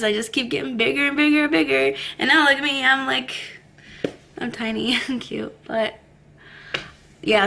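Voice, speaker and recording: A young woman with a high, bright voice and a gravelly edge talks straight into her camera. Her vlog is casual and confessional. She swears freely and keeps dropping fillers between her thoughts. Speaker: vlogger. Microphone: camera mic.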